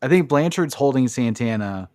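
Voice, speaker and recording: A man's voice: medium pitch, animated, moderate pace, darkish tone, no room sound, studio quality. A man hosting a podcast, recapping a wrestling match in casual chat and swearing freely. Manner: swears freely, blunt opinions. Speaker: podcast host.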